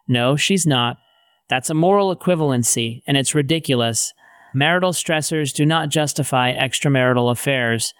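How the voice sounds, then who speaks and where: A middle-aged man reading aloud from his Christian teaching book, plainspoken and wry in a steady teaching tone. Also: medium pitch, normal speed, smooth, no echo, studio quality. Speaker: author.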